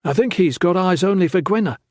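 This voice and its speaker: A man's voice: high voice, expressive, brisk, darkish tone, no echo, studio quality, voice pushed up. A man voicing a wisecracking young male cadet who teases his friends with joking banter in an audiobook.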